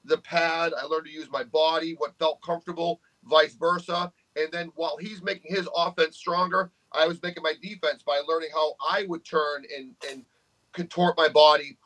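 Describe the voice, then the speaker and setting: A man's voice: a little high, fairly even intonation, normal speed, sharp tone, rough recording. A man with a New England accent, co-hosting a podcast in casual chat, blunt and swearing freely, joking between points. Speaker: podcast co-host. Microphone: studio microphone.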